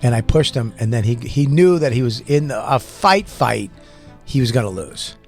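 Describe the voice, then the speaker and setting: A man telling a wild story as a comedy podcast guest, animated, acting out shouted quotes and laughing often. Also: mid-range voice, moderate pace, faint music behind. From Boston.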